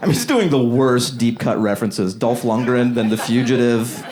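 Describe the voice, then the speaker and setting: A man performing a stand-up comedy set on a club stage, acting out characters in quick asides. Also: mid-range voice, a crowd in the background. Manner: animated, acts out voices in quick asides. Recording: loud audience laughter behind.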